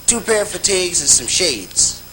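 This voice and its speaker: Animated male stand-up comedian. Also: high-pitched, normal speed. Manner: animated, playful. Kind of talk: stand-up storytelling. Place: TV studio stage. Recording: hissy 1960s TV broadcast.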